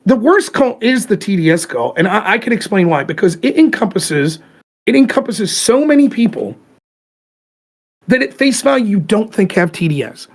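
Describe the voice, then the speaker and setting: A man's voice: sits high, big pitch swings, normal speed. A man hosting a podcast, ranting animatedly about politics in casual, profane talk. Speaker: podcast host.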